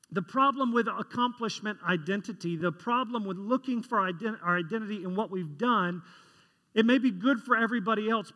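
A man delivers his sermon as a pastor, chatting through stories and questioning the congregation. His voice is high, bright and forceful, echoing with the long reverb of a large hall.

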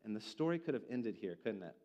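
A man preaching a sermon, reading scripture slowly and then explaining it earnestly, asking the congregation questions. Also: fairly low pitch, very animated, warm tone. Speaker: pastor. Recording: church hall with long reverb.

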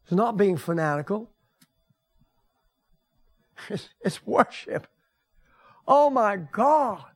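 High-voiced older man preaching. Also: very animated, slow pace. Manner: folksy, conversational preaching with rising emphasis. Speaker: pastor. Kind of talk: sermon. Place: church sanctuary.

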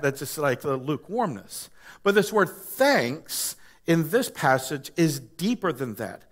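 A man's voice: mid-range voice, fairly bright tone. A male pastor preaching a conversational sermon, repeating words and building to emphatic praise.

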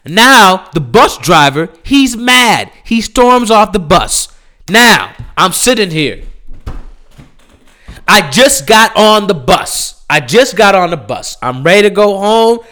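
A man's voice: sits high, sing-song, slow pace, pushed and bright. A man telling a comic story, ranting in an exasperated, profane way. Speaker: comedian. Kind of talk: stand-up storytelling.

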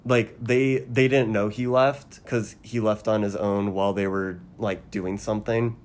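A man in casual chat, retelling a film's plot in a rambling way with many ums and quick acted quotes. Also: lowish voice, little pitch movement. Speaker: podcast co-host recapping a film.

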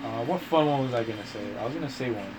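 Over music, a medium-pitched man talks quickly, telling his friends long, profane, rambling tales in casual conversation. Slang like "bro" and "dude" runs throughout, and he performs quoted lines with voice changes. The recording is rough.

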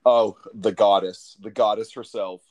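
A man co-hosting a podcast in casual banter, joking and laughing often, with quick restarts. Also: lowish voice, steady tone, a little mellow. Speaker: podcast co-host.

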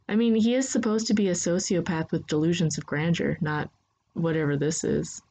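Woman narrator, second-person story, low-ish voice, steady. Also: a little fast, slight background noise, low-quality recording.

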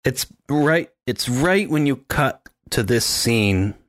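A man co-hosting a podcast in casual chat, animated and mimicking sounds as he describes scenes. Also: mid-range voice, takes it slowly, no room sound, studio quality. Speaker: podcast co-host.

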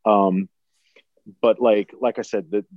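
Podcast co-host, forties, low warm voice, dry lo-fi sound; thoughtful and long-winded. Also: male voice, steady tone, slow, no echo. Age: 40s. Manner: thoughtful, builds long points with restarts. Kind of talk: casual film discussion. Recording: dull lo-fi sound.

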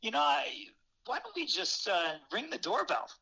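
A friendly elderly comedian, chatty and kind, as a man puts him on. The voice jumps well above the speaker's own pitch and stays bright and eager. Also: sing-song, moderate pace, gravelly, slightly rough, heavily acted, low-quality recording. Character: kindly elderly male comedian, warm and chatty.

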